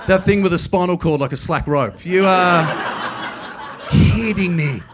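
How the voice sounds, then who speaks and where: A middle-aged man with an Australian accent doing a stand-up comedy routine, telling stories quickly and slipping into playful voices. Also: high voice, background noise. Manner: animated, quick storytelling with playful put-on voices. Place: comedy club stage.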